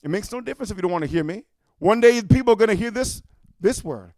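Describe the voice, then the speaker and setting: A man preaching a fiery sermon, often shouting and calling "amen?" to his listeners. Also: sits high, animated, fast talker, no room sound.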